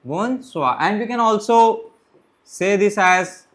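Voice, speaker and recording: Man, high voice, French teacher, classroom lecture, restarts and repeats himself. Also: animated. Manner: repeats "okay, my friends", restarts and pauses while writing.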